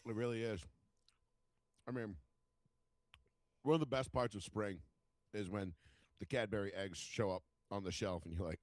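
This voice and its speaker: A man's voice: fairly low pitch, normal speed, pauses often, dry recording. A man, telling stories in casual podcast chat and swearing freely. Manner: storytelling, swears freely, acts out quotes. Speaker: podcast co-host.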